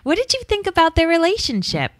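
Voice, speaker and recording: A woman's voice: very high voice, huge pitch swings, fast talker, no echo. Young female co-host, enthusiastic casual chat, dry close recording. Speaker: podcast co-host.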